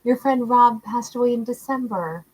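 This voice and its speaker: A woman hosting a livestream, greeting viewers by name in a warm, affectionate, chatty way and laughing often. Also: fairly high pitch, moderate pace, low-quality recording. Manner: warm, affectionate, calls viewers love and honey. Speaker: tarot livestream host. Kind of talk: casual livestream chat reading out viewer comments.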